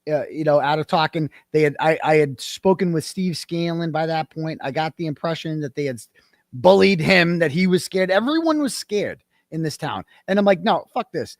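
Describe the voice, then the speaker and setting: A man's voice: on the high side, lively intonation, moderate pace, no echo, clean studio sound. A man being interviewed, telling his story bluntly and with animation, swearing at times. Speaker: guest, independent journalist. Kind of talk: conversational interview.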